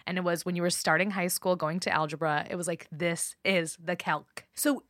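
A woman's voice: fairly low pitch, steady tone, fast talker, a bit bright, no echo, clean studio sound. A woman co-hosting a casual true-crime podcast, playfully setting scenes as she tells the story. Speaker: podcast co-host.

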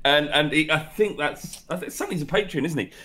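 A man co-hosting a podcast in casual chat, teasing and cutting in with quick comments. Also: on the high side, expressive, pushed and bright. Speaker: podcast co-host.

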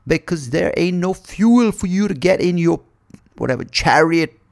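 A man's voice: a little high, lively intonation, moderate pace, vocal fry, pitched above the performer's own voice. A man voicing a possessive ten-headed demon king who talks in modern slang and pleads. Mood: pleading.

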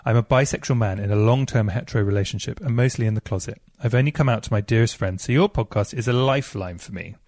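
A man's voice: lowish voice, fast talker, few pauses, darkish tone, no echo. Man, chatty host, reads emails, dry close sound. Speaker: podcast host. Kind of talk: casual podcast chat.

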